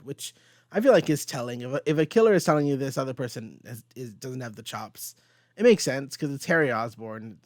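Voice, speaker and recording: Young man, comic podcast host, giggly, quotes characters, mid pitch, dry close sound. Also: moderate pace, no room sound. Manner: giggly, animated, recaps with quoted dialogue. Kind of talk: casual chat.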